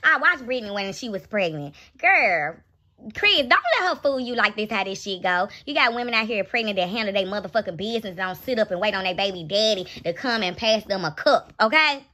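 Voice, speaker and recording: A woman's voice: mid-range voice, animated, a little fast, pushed and bright. A young woman ranting bluntly and profanely in a raw live reaction vlog, mocking and scolding. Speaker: reaction vlogger.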